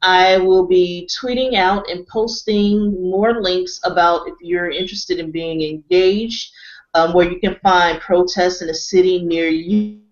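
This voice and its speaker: Woman, webcast host, measured conversational delivery, lowish voice, muffled lo-fi sound. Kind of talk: panel discussion wrap-up. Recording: dull lo-fi webcast audio.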